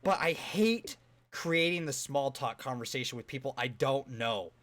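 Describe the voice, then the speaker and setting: Lively, animated male podcast host. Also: mid-range voice, normal speed. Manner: rambling, swears freely, laughs often. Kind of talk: casual podcast chat.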